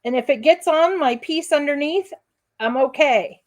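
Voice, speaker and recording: A woman's voice: sits high, normal speed, a little mellow. A woman hosting a live crafting demonstration, chatty and encouraging, addressing viewers as friends. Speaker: crafting host.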